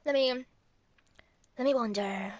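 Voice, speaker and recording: A woman's voice: a little high, slow pace, no room sound. A young woman rambling casually in a phone-recorded vlog, swearing often. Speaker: vlogger.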